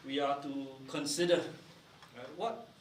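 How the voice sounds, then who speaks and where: A man's voice: on the high side, fairly even intonation, a little hiss or hum. A man in his sixties preaching a sermon as pastor at a prayer meeting, explaining carefully and often checking with "right?". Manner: measured, explanatory, frequent "right?" and "uh". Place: church hall. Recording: echoey church hall, mic at a distance.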